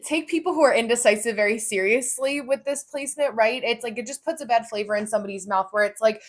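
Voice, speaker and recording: A young woman hosting a relaxed astrology explainer. She talks in a loose, chatty way with lots of "like" and "right?", and slips into little acted voices when she quotes people. Her pitch sits in the middle of the usual range. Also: fast, few pauses. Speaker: astrology and Human Design host. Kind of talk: casual spoken explainer.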